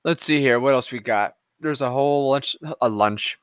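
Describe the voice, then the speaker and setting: A man hosting a solo podcast, reading headlines aloud and ranting about them in a profane, combative way, swinging between loud outbursts and low muttering. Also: moderate pace, clear, resonant tone, dry recording, clean studio sound. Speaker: podcast host.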